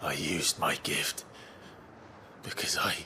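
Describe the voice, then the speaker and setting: A brooding deep-voiced hero. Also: male voice, steady tone, noisy background. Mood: whispered. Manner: slow, low and subdued. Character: grim, brooding man, guilt-laden hero. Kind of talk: video game cutscene dialogue.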